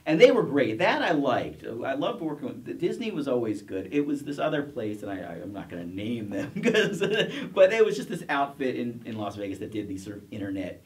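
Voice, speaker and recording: A man's voice: medium pitch, big pitch swings, fairly quick, few pauses, recorded from a distance. A middle-aged man, a professor, telling his career story in a casual interview, rambling with restarts and self-deprecating chuckles. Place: college TV studio.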